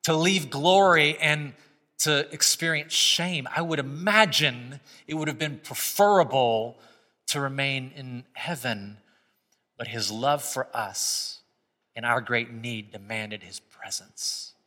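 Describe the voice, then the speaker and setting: A man preaching a sermon as pastor of his church, moving from quiet reflection to loud, impassioned stretches. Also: medium pitch, slow. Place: church sanctuary. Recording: long hall reverb.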